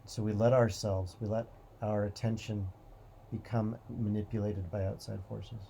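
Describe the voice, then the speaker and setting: Brief: male host, gravelly, warm low tone, calm repetitive motivational musing, faint background hiss. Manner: calm, repetitive, drawn-out phrasing. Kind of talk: slow reflective motivational monologue.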